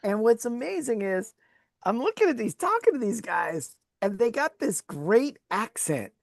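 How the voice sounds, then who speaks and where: A woman's voice: a little high, a little slow, vocal fry, no room sound, clean studio sound. A woman co-hosting a sports podcast, a former agent, telling stories in casual chat and laughing often. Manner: lively storyteller who laughs often.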